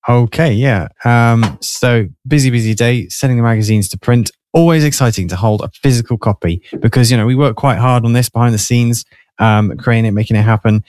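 A man's voice: medium pitch, a little fast, a little mellow, no room sound. A man co-hosting a live studio chat, easygoing and agreeable, with hesitant fillers. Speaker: co-host. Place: small studio.

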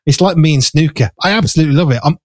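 A man telling stories in a relaxed, playful, self-mocking chat. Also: fairly high pitch, rapid-fire, no room sound, studio quality. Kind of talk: casual chat.

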